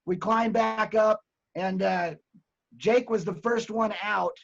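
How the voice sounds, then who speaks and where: A man's voice: high-pitched, slow, vocal fry, dull audio. A man telling a story in casual, profane group chat, acting out the people he quotes. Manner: profane, animated, acts out quoted voices.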